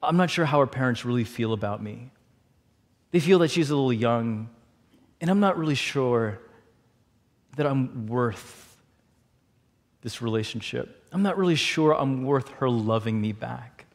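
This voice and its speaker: A man voicing his introverted friend, a quiet young man who speaks softly and hesitantly. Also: expressive, a little fast, natural voice. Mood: hushed, uncertain. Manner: soft, hesitant, low-voiced.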